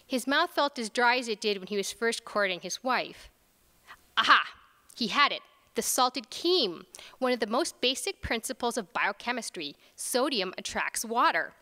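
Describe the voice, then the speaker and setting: A woman reads her own story aloud at a conference, expressive and ready to slip into voices for her characters. Her voice is bright and sits a little high. A long reverb from a large lecture hall trails behind her. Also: moderate pace. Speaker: author reading her fiction.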